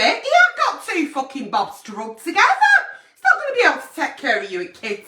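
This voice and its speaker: A woman's voice: very high voice, wildly swooping pitch, normal speed, pushed and bright, far from the mic. Brash, sweary woman host. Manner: blunt, brash, swears constantly. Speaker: advice show host. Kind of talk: late-night agony aunt chat. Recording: echoey room, away from mic.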